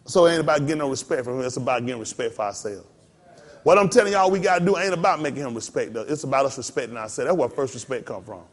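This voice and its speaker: A man preaching a sermon as pastor in a folksy, animated way, slipping into mock voices and laughing along with the congregation. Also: medium pitch, very fast.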